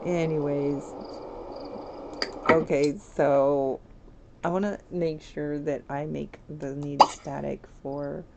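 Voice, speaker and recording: A woman streaming a life-sim game, chatty and giggly, talking straight to her viewers, over steady background noise. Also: low voice, takes it slowly, vocal fry. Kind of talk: casual gameplay commentary.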